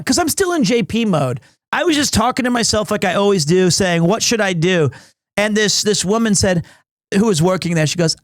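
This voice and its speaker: A man in his forties, a streamer casually telling a story to his chat, animated, and acting out the people he quotes in funny voices. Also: high-pitched, normal speed, no echo, studio quality. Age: 40s.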